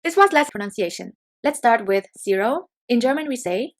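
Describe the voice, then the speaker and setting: A woman teaching beginners, saying each word twice in a slow, clear repeat-after-me drill. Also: fairly high pitch, animated. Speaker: language teacher.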